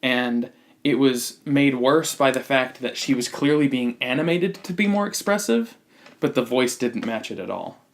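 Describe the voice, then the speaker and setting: Male podcast host, mid-pitched, casual and opinionated, blunt critic who restarts sentences often. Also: animated, moderate pace. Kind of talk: casual movie review chat.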